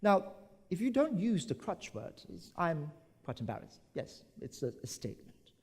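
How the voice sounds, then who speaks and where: A man from Brunei delivers an animated conference talk and keeps acting out his examples. His voice sits a little high for a man, and it carries a long reverb through a large conference hall. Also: moderate pace, husky. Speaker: conference speaker.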